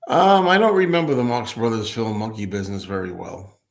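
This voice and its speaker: A man's voice: lowish voice, brisk. Casual man chatting with viewers. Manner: chatty, reads and answers viewer comments. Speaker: livestream host. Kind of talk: casual livestream chat.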